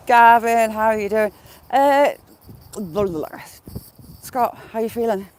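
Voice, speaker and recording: A woman walks through fields and hedgerows, live-streaming on a phone mounted on a gimbal with a headphone wire. She speaks slowly in a voice on the high side, chatting casually with viewers by name and cooing at animals.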